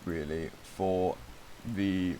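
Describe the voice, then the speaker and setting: With music in the background and a little hiss or hum, a young streamer rambles through a story, leaning on fillers and acting out what people said. His voice is deep and mellow, fairly even in intonation and extremely slow.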